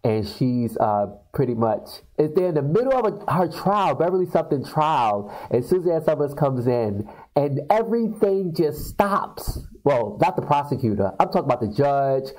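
Man, video blogger, casual storytelling, animated, filler-heavy, warm mellow tone. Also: fairly high pitch, normal speed, hardly any pauses, low-quality recording. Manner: animated retelling of film scenes, many fillers.

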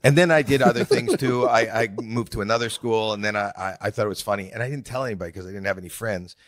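A man's voice: on the low side, fast, no room sound, studio quality. Older man telling stories on a podcast. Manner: animated, acts out scenes in character voices. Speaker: guest comedian. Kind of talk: casual podcast storytelling.

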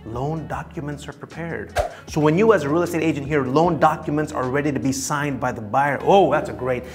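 Animated male real estate instructor. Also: mid-range voice. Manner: lively, theatrical, acts out dialogues. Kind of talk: animated teaching talk.

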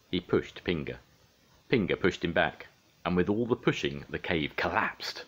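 Older grandfather storyteller, deep, very animated read-aloud. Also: normal speed, slightly rough. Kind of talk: reading a children's storybook aloud.

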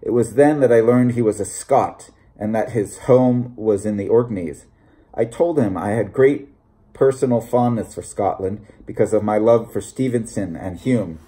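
A man reading a short story aloud in a measured, deliberate narration. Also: fairly low pitch, dark tone. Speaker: audiobook reader. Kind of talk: scripted narration.

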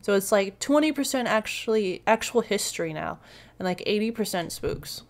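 A woman voicing a weary, sardonic young woman who grumbles in a flat, fed-up voice while organizing a town pageant. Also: medium pitch, moderate pace, lightly acted. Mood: grumbling.

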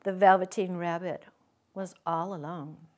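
A woman reading a children's story aloud at a public library, with an expressive, lingering storyteller's delivery. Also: lowish voice, a little slow. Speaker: guest reader.

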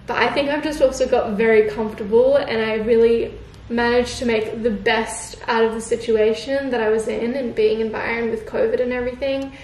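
A young woman talks to her camera in a soft, reflective, heartfelt way, her slightly high voice scattered with casual fillers. The room rings noticeably around her. A faint hiss sits underneath the recording. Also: steady tone, a little fast, few pauses. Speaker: vlogger. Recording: roomy with faint background hiss.

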